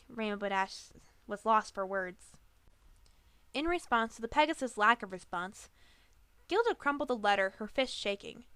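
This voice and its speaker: A woman narrating a fan audiobook reading, expressive with small slips and restarts. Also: mid-range voice, fairly quick, clean tone, no echo.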